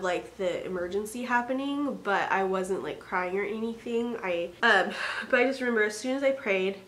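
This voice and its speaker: A woman's voice: mid-range voice, a bit bright. A young woman, a stay-at-home mom, earnestly retelling a frightening family story in casual chat with many fillers. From Oregon.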